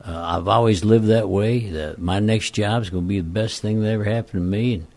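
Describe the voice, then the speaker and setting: An older man with a very low, croaky voice, like a frog by his own account. He talks in a folksy, self-deprecating way and rambles through his stories as a radio talk show guest. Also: steady tone, a little fast, a little mellow. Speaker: guest, former football coach. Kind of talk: casual radio interview storytelling.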